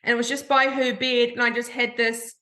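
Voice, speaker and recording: A woman's voice: on the high side, level tone, fairly quick, sharp tone. A woman with a New Zealand accent hosting a podcast, telling a personal story in a candid, heartfelt way. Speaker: podcast host. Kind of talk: casual podcast chat.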